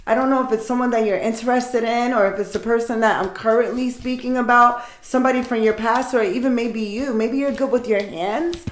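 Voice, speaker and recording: A woman, likely middle-aged, giving an intuitive tarot reading and speaking warmly and directly to her listeners as if comforting them. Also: fairly high pitch, steady tone, a little fast, hardly any pauses. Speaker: tarot reader. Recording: echoey room.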